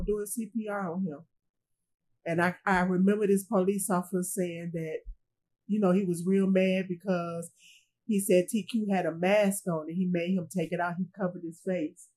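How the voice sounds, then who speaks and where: Husky-voiced grieving mother recounting loss. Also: fairly low pitch, darkish tone, rough recording. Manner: halting, repeats herself, quotes others. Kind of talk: emotional personal testimony.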